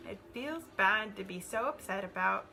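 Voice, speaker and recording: A woman reading out a worksheet and working through an exercise, slow and hesitant with many pauses and ums. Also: medium pitch, lively intonation, gravelly, sharp tone, low-quality recording. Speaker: student reading coursework aloud.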